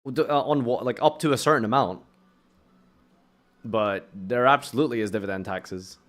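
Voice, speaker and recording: A man's voice: mid-range voice, normal speed, fairly bright tone. Chatty sarcastic British male streamer. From United Kingdom. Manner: chatty, sarcastic, swears casually. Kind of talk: casual chat with chat while playing.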